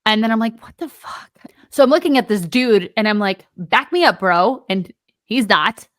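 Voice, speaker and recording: A woman co-hosting a podcast, telling a story in a lively, casual way and acting out both sides of an argument. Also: mid-range voice, moderate pace, no room sound. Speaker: podcast co-host.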